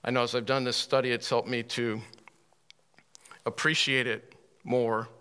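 A man preaching a sermon to a room of listeners, reading scripture with rising emphasis, asking pointed questions, and often clearing his throat. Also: mid-range voice, flat delivery, measured pace, sharp tone. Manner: asks the audience pointed questions. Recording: long hall reverb.

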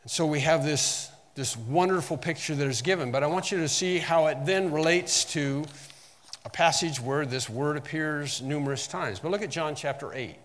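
A pastor giving an earnest teaching sermon. He slows down to stress key phrases and drops lower and quieter for asides. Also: a little hiss or hum. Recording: long hall reverb.

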